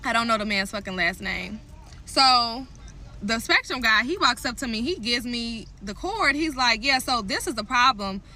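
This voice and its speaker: A woman's voice: fairly high pitch, lively intonation, normal speed, pushed and bright, slight background noise. A young woman ranting to her viewers, telling an angry story full of swearing and heated asides. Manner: heated, profane, talks straight to viewers.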